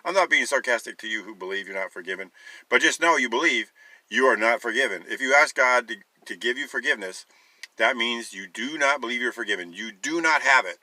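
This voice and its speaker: A man's voice: mid-range voice, expressive, brisk, pushed and bright, no room sound, rough recording. A man giving an emphatic sermon-style talk, urging listeners and piling up rhetorical questions, with a wry, sarcastic edge. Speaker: Christian teacher.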